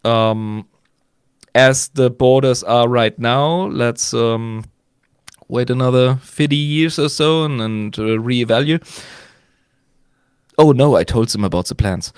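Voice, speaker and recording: A man's voice: mid-range voice, slow, clean tone, no echo, clean studio sound. A man with a German accent chatting casually, hesitating with many fillers, swearing and laughing. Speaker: guest, German teacher living in Switzerland. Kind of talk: casual podcast chat.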